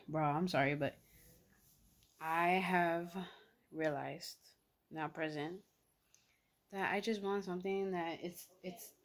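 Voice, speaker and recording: Slangy young woman storyteller. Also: fairly low pitch. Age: young adult. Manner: casual, slangy, full of fillers. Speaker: vlogger. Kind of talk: casual storytelling mukbang.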